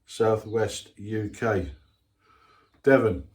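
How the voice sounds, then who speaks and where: Slow-talking older man reading comments. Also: on the low side, fairly even intonation, darkish tone. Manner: rambling and self-mocking, with asides. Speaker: hobby channel host. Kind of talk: casual chat reading out viewer comments.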